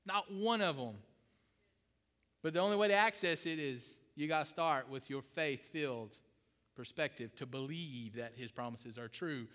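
A man's voice: on the high side, moderate pace, fairly bright tone, big-room sound. A middle-aged man preaching a sermon, emphatic, repeating key phrases and asking his congregation questions. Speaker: pastor.

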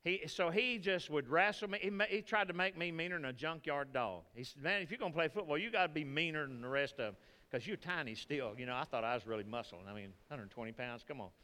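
A man with a Texan accent preaching a sermon as pastor, folksy and animated, telling stories to the congregation. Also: a little high, quick pace, big-room sound. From Texas.

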